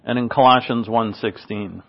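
A man preaching a sermon in an earnest manner, his pitch rising on rhetorical questions. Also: steady tone, normal speed, vocal fry, muffled recording.

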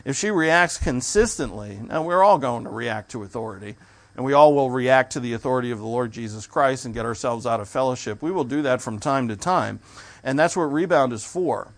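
Male pastor, mid-pitched voice, unhurried sermon delivery with fillers and restarts. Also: animated. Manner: measured preaching with fillers, restarts and throat clearing.

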